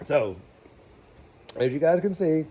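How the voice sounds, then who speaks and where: This plumber's voice is a little high, mellow and slightly rough; he tells stories slowly but animatedly in a casual vlog, with folksy, chatty southern-style slang and acted-out dialogue.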